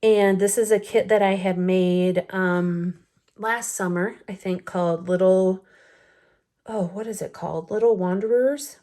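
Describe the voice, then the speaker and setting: A woman's voice: mid-range voice, fairly even intonation, a little slow, mellow. Chatty sleepy woman showing her album. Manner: chatty, rambling, frequent fillers and laughs. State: sleepy, yawning late at night. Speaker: scrapbooking vlogger. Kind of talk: casual flip-through chat. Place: home at night.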